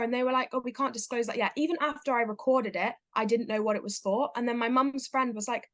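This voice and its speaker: A teenage girl talks in a bright, chatty way, with lots of fillers and little acted-out quotes. Her voice sits a bit high, and the sound is dry and close. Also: fast, no echo. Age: teens. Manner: chatty, upbeat, many fillers, acts out quotes. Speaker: guest, young actor. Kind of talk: casual interview chat.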